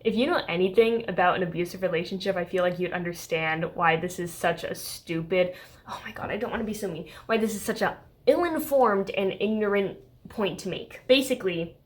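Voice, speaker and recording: A woman's voice: medium pitch, fairly quick. A woman reviewing a book in a casual vlog, talking in a heated, exasperated way with lots of "like" and "okay?".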